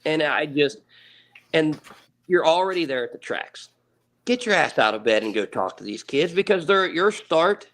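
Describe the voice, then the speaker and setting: A man's voice: on the high side, expressive, normal speed, a bit bright. A man in his thirties, a guest on a podcast, telling a story in an earnest, casual way, repeating words and swearing offhandedly. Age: 30s. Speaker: podcast guest, ATV racer.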